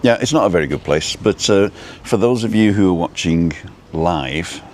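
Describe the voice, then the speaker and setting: A low-voiced man hosts a relaxed live stream outdoors at a roadside food stop. He rambles and greets viewers by name. Faint traffic and building work can be heard behind him. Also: moderate pace. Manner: rambling, reads out viewer names. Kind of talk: casual live-stream chat.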